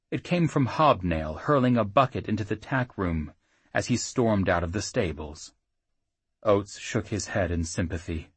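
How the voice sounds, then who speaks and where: A man narrating a fantasy audiobook in a measured, steady way. His voice is very deep with a husky grain, recorded close and dry with no room sound. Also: no room sound.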